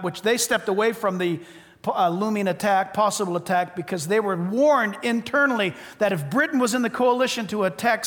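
American male preacher, very high voice, emphatic punchy lines, long hall reverb. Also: a bit bright. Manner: emphatic, repetitive, punchy short phrases. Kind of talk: sermon.

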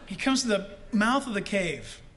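Guy pastor preaching, real high voice, bouncy pitch, laughs and shouts a lot. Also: moderate pace. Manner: animated, shouts quotes, laughs often. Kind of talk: sermon.

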